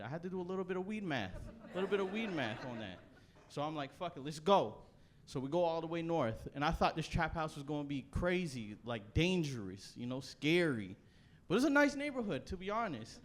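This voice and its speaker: Young Canadian stand-up comic, raunchy storyteller, slightly high voice, faint room rumble. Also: male voice. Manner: loose, profane storytelling with animated bursts. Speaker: stand-up comedian. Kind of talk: stand-up set. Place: comedy stage before a live audience.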